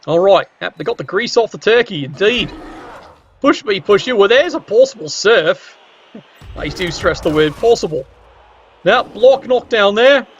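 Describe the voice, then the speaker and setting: A man commentates on a video game match in a relaxed, chatty way, teasing the players as he goes. His voice sits fairly high, and the recording sounds dull and lo-fi. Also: measured pace, a little hiss or hum.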